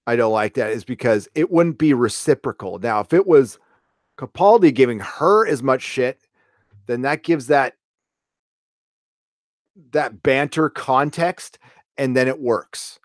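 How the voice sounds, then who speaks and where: Middle-aged guy rambling on his live show, swears a lot, mid-pitch voice, dry close sound. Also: expressive, a little slow, pauses often, no echo. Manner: rambling, blunt, swears freely. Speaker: host. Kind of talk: casual live-show chat.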